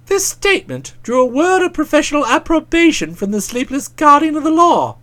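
Lively, wry audiobook narrator. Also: sits high, brisk, few pauses. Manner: lively, wry, expressive reading. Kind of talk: comic novel narration.

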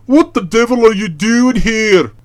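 An actor voicing a blustering, irascible older uncle in an audiobook, sputtering in explosive outbursts. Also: male voice, sits high, animated, unhurried. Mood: irate. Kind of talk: audiobook character voice.

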